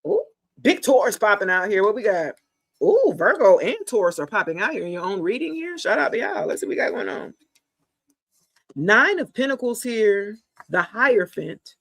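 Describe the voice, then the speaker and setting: A woman, giving a casual live tarot reading in a chatty, animated, slangy way, talking straight to her viewers. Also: mid-range voice, moderate pace, creaky. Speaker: tarot reader.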